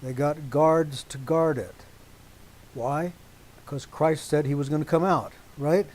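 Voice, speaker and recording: A man preaching a teaching sermon to a congregation, deliberate and emphatic, stopping often to check that his listeners agree. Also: fairly high pitch, fairly even intonation, darkish tone, poor audio.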